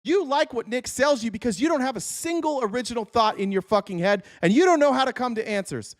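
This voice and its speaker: A man's voice: very high-pitched, lively intonation, fast talker, no echo, clean studio sound. A man giving an opinion monologue as a political commentator, blunt, heated and profane.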